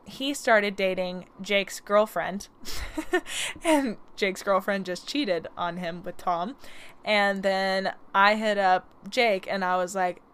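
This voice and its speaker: Young woman, podcast host, smooth clear voice, slight lisp, rambling casual storytelling. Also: medium pitch, takes it slowly, a bit bright. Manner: chatty, rambling, laughs often.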